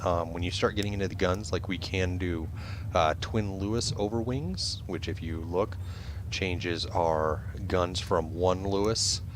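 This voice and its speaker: A man giving relaxed commentary on a flight game as he plays it, explaining menus with many ums and uhs. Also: sits low, a little slow, background noise. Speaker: gameplay video host. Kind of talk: casual gameplay commentary.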